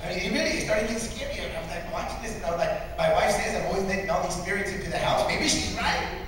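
A male pastor preaching a lively sermon, telling stories and calling out to the congregation. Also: sits high, fast talker, crowd noise. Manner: animated storytelling, shouting punchlines, congregational call-and-response. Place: large church sanctuary. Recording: echoey sanctuary, distant mic.

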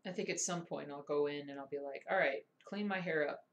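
A woman's voice: low voice, a little fast, dull audio. A woman chatting casually and muttering to herself while doing cross-stitch, self-deprecating and chatty. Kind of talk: casual stitch-along chat.

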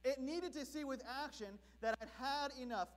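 A man from Southern California preaching a sermon as pastor, telling a story in an animated, comic way. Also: very high-pitched, moderate pace.

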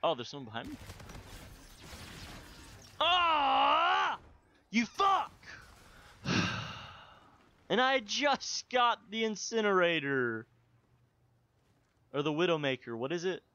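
High, lively man raging at a game. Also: moderate pace, no room sound. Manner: swearing, yelling outbursts at opponents. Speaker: gaming video host. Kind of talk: live gameplay commentary.

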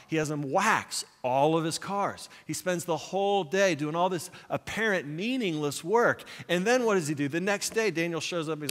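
A pastor preaching with animated storytelling, acting out quoted lines as he goes. His voice sits a little high for a man, and it rings with the long reverb of a church sanctuary. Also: a little fast, few pauses. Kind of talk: sermon.

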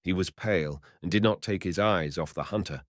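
Deep-voiced man reading a story. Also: fairly quick, no echo, clean studio sound. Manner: expressive storytelling. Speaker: narrator. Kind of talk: reading a short story aloud.

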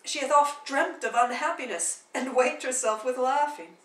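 Ruolo: anziano nobiluomo, padre orgoglioso e affettuoso, letto da una donna, stanza riverberante. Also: female voice, high-pitched, moderate pace, a bit bright, reverberant, recorded from a distance, rough recording. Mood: fatherly. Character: older nobleman, proud fond father. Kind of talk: dramatic play reading.

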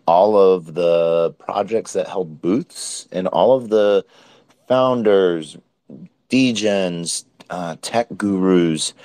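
A man's voice: sits low, no echo. A man hosting a casual nightly recap show, tired and a bit hiccupy, rambling with lots of ums and likes. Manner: relaxed, rambling with many fillers. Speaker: host. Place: Miami, at a conference event.

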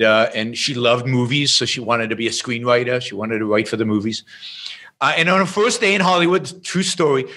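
A man as an interview guest, telling an anecdote in a lively way and often restarting his sentences. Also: mid-range voice. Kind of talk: explaining and storytelling in conversation.

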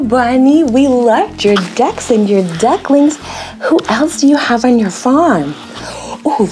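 A woman hosting a toddler learning video, speaking in a slow, clear, sing-song way with exaggerated expression. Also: a little high, warm tone. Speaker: children's video host. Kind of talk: toddler learning video with songs and pretend play.

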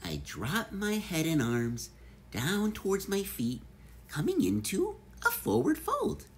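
A man reading a children's picture book aloud as a cheerful yoga-loving bunny, in a sing-song, animated voice. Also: high voice, takes it slowly, slight background noise. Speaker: storybook narrator.

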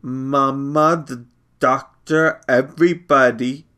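A man voicing a frail, timid little boy who speaks slowly and softly. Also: medium pitch, fairly even intonation, clear, resonant tone. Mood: pleading. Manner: slow, soft, wondering.

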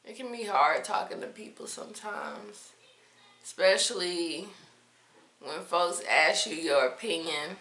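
A woman speaking softly and reflectively in a candid, confessional monologue to her viewers. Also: fairly low pitch, very animated. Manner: soft-spoken, slow and reflective. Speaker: vlogger sharing personal reflections. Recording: roomy echoey room.

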